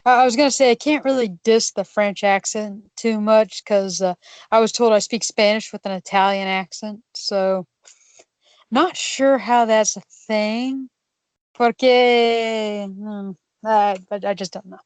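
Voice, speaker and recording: A woman's voice: mid-range voice, no echo. A woman co-hosting a podcast in casual chat who laughs often and jumps in readily. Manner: laughs often, quick to jump in. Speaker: podcast co-host. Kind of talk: casual chat about games.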